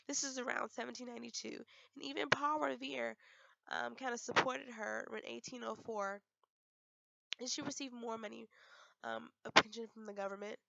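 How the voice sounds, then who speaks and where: A young woman giving a class presentation, hoarse and losing her voice, speaking hesitantly with many fillers and restarts. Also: fairly high pitch, lo-fi sound, very noisy. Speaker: student presenter.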